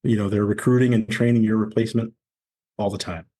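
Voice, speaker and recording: A man in his forties tells his story as a podcast guest. His voice sits low and sounds husky. He speaks candidly and acts out the dialogue of the people in his story. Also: fast. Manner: candid, animated storyteller acting out quoted dialogue. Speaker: podcast guest, former Navy SEAL. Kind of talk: conversational storytelling interview.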